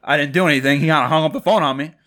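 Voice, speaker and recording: Guy from new york on a podcast, bright voice, gets loud acting out what people said. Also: fairly high pitch, racing. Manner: animated, acts out quotes in a raised voice. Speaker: podcast co-host. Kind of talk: casual storytelling chat.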